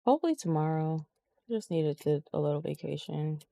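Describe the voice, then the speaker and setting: A woman's voice: low-pitched, lively intonation, fairly quick, gravelly, dark tone, no echo, clean studio sound. A woman co-hosting a wrestling podcast, talking loosely and profanely with lots of filler ums. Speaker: podcast co-host. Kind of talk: casual wrestling chat.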